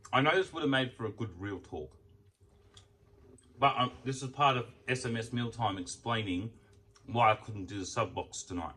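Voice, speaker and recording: A young man telling an animated, foul-mouthed story as a casual vlog while he eats. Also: fairly low pitch, distant mic. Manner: heavy swearing, animated storytelling. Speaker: food vlogger. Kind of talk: casual ranting while eating. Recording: voice off from the mic.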